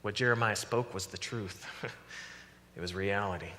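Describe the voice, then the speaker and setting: Animated pastor preaching in a reverberant church. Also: male voice, on the low side, moderate pace, a little hiss or hum. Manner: animated preaching, acts out voices of God and the prophets. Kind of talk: sermon. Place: church sanctuary.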